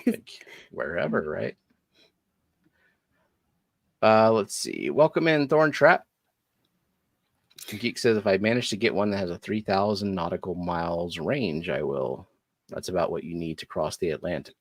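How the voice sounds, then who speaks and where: A man with a low voice hosts a relaxed live stream hangout. He chats casually with a wry, mildly grumbling tone. His voice sounds dry and close to the mic. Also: a little slow, long pauses, dry recording. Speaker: livestream host. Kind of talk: casual chat.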